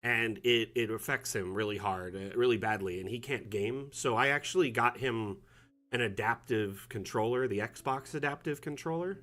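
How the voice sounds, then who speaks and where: A man's voice: mid-range voice, normal speed, pushed and bright. A middle-aged man chatting casually on a live stream, with many fillers and restarts. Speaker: community manager streaming a map build.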